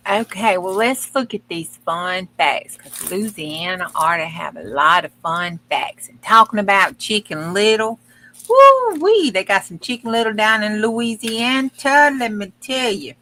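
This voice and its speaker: A woman's voice: mid-range voice, unhurried, hardly any pauses, bright, forceful tone, poor audio. A woman in casual livestream chat, reading fun facts in a folksy, chatty way and stumbling over words. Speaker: co-host.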